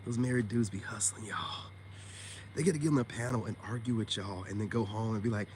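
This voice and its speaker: A man's voice: lowish voice, a little fast, slight background noise. A man on a casual livestream, talking bluntly and with profanity straight to his viewers, peppering his speech with "man" and "you know what I'm saying.". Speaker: online self-help streamer.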